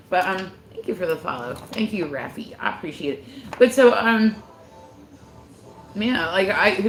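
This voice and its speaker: A woman's voice: fairly low pitch, echoey room, a little hiss or hum, poor audio. A woman chatting casually on her livestream, rambling with constant filler words and frequent swearing.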